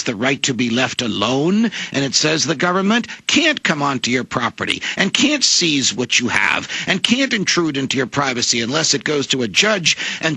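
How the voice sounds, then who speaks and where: Impassioned gravelly man. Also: mid-range voice, sharp tone, dry recording, poor audio. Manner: oratorical, emphatic, lawyerly cadence. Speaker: radio guest, former judge and author. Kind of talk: impassioned talk radio argument.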